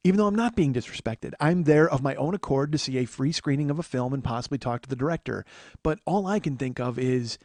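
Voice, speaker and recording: A man's voice: medium pitch, quick pace, darkish tone, no echo. Comedian host, middle-aged man, exasperated profane storyteller, bone-dry mic. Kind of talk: storytelling monologue.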